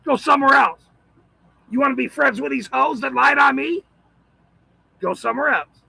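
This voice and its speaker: High, gravelly man ranting and shouting. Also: moderate pace, no room sound, low-quality recording. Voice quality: profane, shouting rant. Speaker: citizen auditor channel host. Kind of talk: angry ranting monologue.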